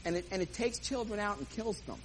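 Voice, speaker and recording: A man's voice: high-pitched, fairly quick, slight background noise, voice pushed up, close to an everyday voice, rough recording. A man playing a bossy, meddling woman from Jersey who gives insistent, dire warnings.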